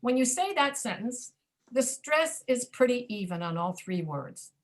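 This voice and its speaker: A very animated American woman with a voice on the high side teaches English pronunciation online. Patiently, she drags out and repeats words to demonstrate where the stress falls.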